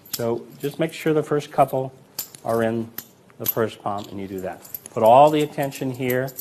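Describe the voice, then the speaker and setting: There's slight background noise as a man with a medium-pitched voice casually teaches a coin sleight-of-hand routine. He counts coins aloud during the demonstration and, in a laid-back, chatty way, recounts tales of older magicians, performing their quotes.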